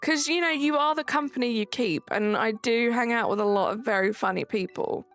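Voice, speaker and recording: A woman's voice: fairly high pitch, a little fast. A young woman live streaming at home on a desk mic, chatting casually, reading chat aloud and joking back. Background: faint game music.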